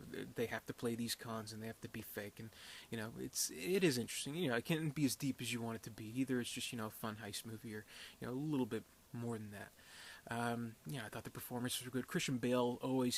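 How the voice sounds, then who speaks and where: A young man giving a casual, unscripted film review, rambling and hesitant, with many fillers and restarts. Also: medium pitch.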